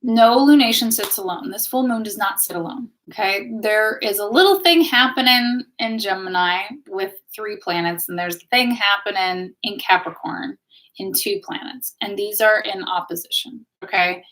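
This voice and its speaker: A woman's voice: mid-range voice, normal speed. A woman hosts a spiritual live stream and talks casually to the people watching. Her tone is chatty and encouraging, like a teacher guiding a group. She keeps checking in with her audience as she goes. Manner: chatty, warm-hearted, keeps checking in with viewers ("okay?", "right?"). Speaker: host of a live astrology and tarot stream.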